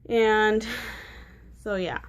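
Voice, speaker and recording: A vlogger in her twenties draws out her words in a smooth, steady, medium-pitched voice, recorded with lo-fi sound. Telling a personal story casually, she rambles candidly with fillers and restarts and giggles about awkward details.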